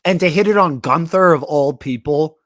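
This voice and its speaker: A man's voice: fairly high pitch, moderate pace, a bit bright. A man co-hosting a wrestling podcast in casual chat, cynical and heavy on filler words. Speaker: podcast co-host.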